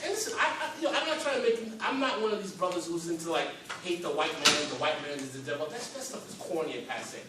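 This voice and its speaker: A man's voice: very high voice, a bit bright, a little hiss or hum. A man speaking on a conference panel, with fervent, preacher-like rhetorical questions and a rising and falling emphasis. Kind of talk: impassioned panel speech. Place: conference hall in a library. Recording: echoey hall from far off.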